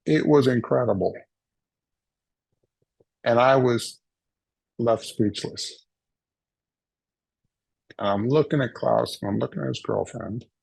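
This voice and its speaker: There's no echo on this recording of a man with a medium-pitched, creaky, slightly rough voice and a darkish tone. Speaking at a virtual summit, he shares a humorous personal story and playfully performs the voices he quotes.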